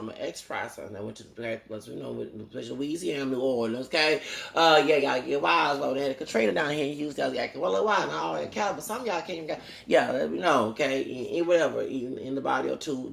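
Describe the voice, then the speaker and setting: Man, heavy vocal fry, rambling preachy vlog rant, roomy echo. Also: mid-range voice. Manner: rambling and preachy, quoting Bible verses and asking "okay?". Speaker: YouTuber. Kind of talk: ranting vlog monologue. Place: home in Houston. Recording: echoey room.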